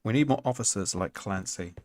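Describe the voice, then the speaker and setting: A man's voice: on the low side, brisk, darkish tone. A man streaming a video game, rambling and thinking aloud with lots of fillers, on a noisy recording. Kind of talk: casual let's-play commentary.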